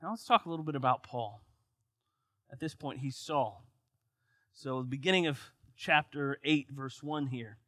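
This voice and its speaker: Male preacher, bright tone, dry close sound, reads scripture then builds emphasis. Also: medium pitch, moderate pace, no room sound. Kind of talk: sermon.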